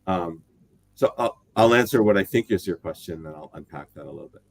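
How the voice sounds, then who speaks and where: A man's voice: sits low, expressive, a little fast, creaky, no room sound. A middle-aged man from the United States, talking as an interview guest in a rambling, thoughtful way that often corrects itself. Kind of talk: casual interview talk.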